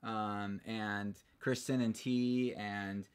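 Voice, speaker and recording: A man's voice: lowish voice, fairly even intonation, very slow, clear, resonant tone. A man co-hosting a casual live stream, rambling and joking with frequent restarts. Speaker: livestream co-host.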